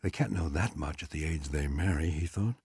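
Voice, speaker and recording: A man narrating a literary short story aloud in an expressive, dramatic reading style. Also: a bass voice, fairly quick, slightly rough, no echo, clean studio sound. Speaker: audiobook reader.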